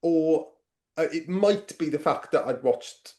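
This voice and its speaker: A man co-hosting a casual film podcast, animated and swearing freely. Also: fairly high pitch, measured pace. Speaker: podcast co-host.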